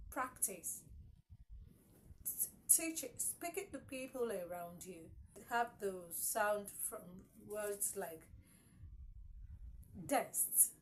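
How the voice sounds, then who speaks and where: A woman teaching English consonant sounds, repeating each word several times and checking in with "okay?". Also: medium pitch. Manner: repeats words slowly, asks "okay?" often. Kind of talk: classroom-style lesson. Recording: faint background noise.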